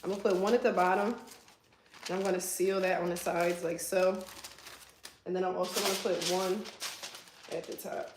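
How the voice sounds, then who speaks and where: With a lowish, steady voice at a moderate pace and frequent pauses, an East Coast hairstylist livestreams a color removal from her salon suite. The audio is reverberant with background noise, and she playfully teases viewers, jokes with the chat and swears freely.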